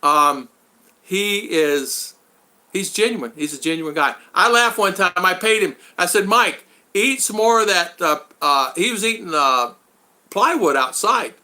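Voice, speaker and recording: A man hosting a casual live stream, rambling and thanking his viewers one by one, his voice going hoarse after hours of talking. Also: high-pitched, animated, a little slow, bright, forceful tone.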